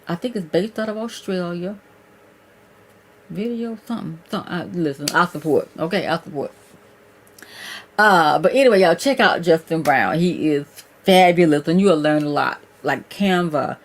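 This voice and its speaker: A woman's voice: on the low side, lively intonation, moderate pace. A woman hosting her own livestream, chatting casually with viewers and calling them "y'all" and "child". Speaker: livestream host.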